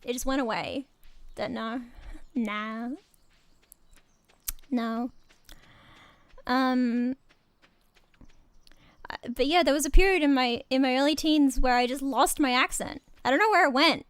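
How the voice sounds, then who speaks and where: A woman's voice: high-pitched, moderate pace, clear, resonant tone, no room sound. A young Australian woman chatting casually while streaming a game, rambling and giggling as she talks. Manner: rambling, giggly, self-interrupting. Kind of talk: casual gaming stream chat.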